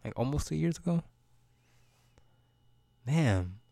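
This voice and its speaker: A man's voice: a little high, lively intonation, slow pace, creaky, warm tone, dry recording. A man, hosting a solo podcast and ranting in a loose, profane, rambling way, often repeating words as he goes. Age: 30s. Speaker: podcast host.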